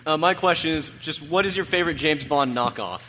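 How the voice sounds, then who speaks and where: A man's voice: fairly high pitch, fairly quick, pushed and bright. A young man from the audience, a student, asking a question in a laid-back way. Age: young adult. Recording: reverberant hall, faint noise.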